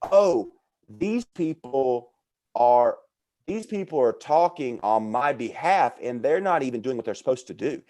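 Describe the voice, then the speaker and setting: Man, comedian guest, casual podcast storytelling, animated, acts out quoted voices, average pitch. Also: a little slow. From American South.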